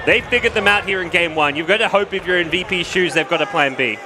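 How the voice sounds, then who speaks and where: A man giving animated, emphatic color commentary as an esports co-caster. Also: high voice, quick pace, background noise.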